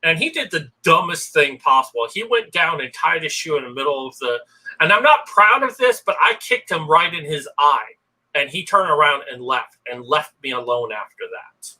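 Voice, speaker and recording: A man's voice: a little high, expressive, normal speed, pushed and bright, rough recording. A man casually telling personal stories in an earnest, rambling way. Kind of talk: casual storytelling.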